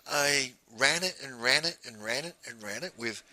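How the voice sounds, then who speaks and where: Blunt man, very sharp voice. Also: mid-range voice, lively intonation, normal speed, low-quality recording. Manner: blunt, ends points with "right?". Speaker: business coach. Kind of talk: recorded teaching monologue.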